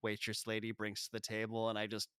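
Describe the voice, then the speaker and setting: A man's voice: lowish voice, monotone, fast, fairly bright tone, clean tone, dry recording, clean studio sound. A man co-hosting a podcast, casually recapping a film scene by scene, profane and chuckling. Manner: retells scenes, quoting characters in mock voices, profane and laughing. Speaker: podcast co-host. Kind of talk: casual movie recap chat.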